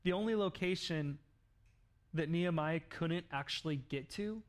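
A man preaching a sermon, telling a story in an animated way with laughs and acted-out quotes. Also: a little high, normal speed. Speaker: pastor.

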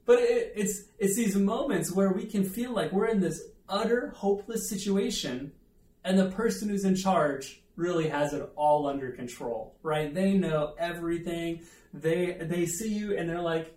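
Here his pitch is fairly high and slightly mellow, and he keeps a normal pace. Still preaching in a conversational style, he shares a story at his own expense with side remarks to listeners, recorded from afar in a reverberant room.

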